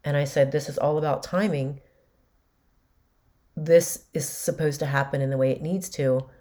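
A woman in her forties hosts a podcast and tells a personal family story. She speaks in a low voice, candid and emotional, and acts out what each person said. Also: steady tone, moderate pace, mellow. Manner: candid, emotional retelling with quoted dialogue. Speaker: podcast host.

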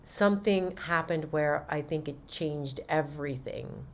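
Low-voiced woman telling a personal story. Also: a little slow, a little hiss or hum. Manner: animated, recounting conversations. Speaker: podcast host.

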